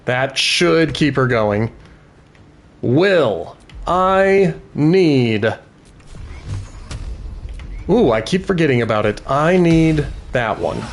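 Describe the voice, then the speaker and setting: Unhurried man talking through a game. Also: fairly high pitch, expressive, faint music behind. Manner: thinks aloud about tactics, cheers on party members. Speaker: gaming video host. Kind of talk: let's-play commentary.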